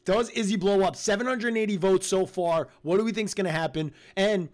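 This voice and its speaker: A man co-hosting a podcast, reacting to a reality show in casual chat, excitable and animated, often talking over his partner. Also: high-pitched, brisk. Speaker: podcast co-host.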